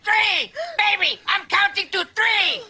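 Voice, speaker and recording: A woman's voice: very high-pitched, takes it slowly, sharp tone, shouting, exaggerated voice. A woman voicing a bossy, teasing male talking parrot with a lisp, coaching a baby in a comic skit. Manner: bossy, teasing, sing-song.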